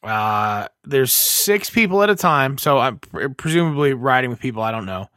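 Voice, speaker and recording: A man's voice: mid-range voice, expressive, moderate pace, a bit bright, dry recording, studio quality. A man in his thirties co-hosting a casual podcast, blunt and sarcastic as he complains. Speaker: podcast co-host. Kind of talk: casual tech podcast chat.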